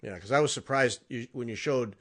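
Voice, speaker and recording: A man hosting a crafts podcast, talking in a relaxed, drawling way and trailing off with fillers. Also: mid-range voice, a little fast. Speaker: podcast host. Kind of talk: casual interview chat.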